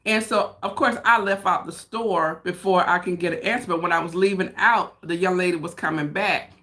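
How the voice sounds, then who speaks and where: A woman's voice: mid-range voice, brisk, hardly any pauses, a bit bright. A woman from the United States chatting casually with viewers on a livestream from home, calling them y'all. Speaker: vlogger. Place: home room with open window.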